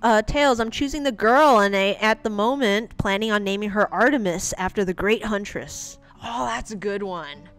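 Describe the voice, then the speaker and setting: A woman's voice: medium pitch, moderate pace, hardly any pauses, fairly bright tone, smooth, faint music behind. A woman streaming her comic art, chatting casually in a rambling, giggly way. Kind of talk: casual livestream commentary.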